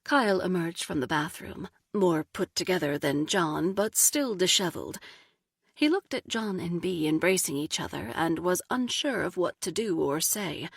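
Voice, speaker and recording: A woman reading an audiobook in a soft, slow narration, lightly voicing each character. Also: on the low side, lively intonation, gravelly, slightly rough, dry recording, clean studio sound. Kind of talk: scripted narration.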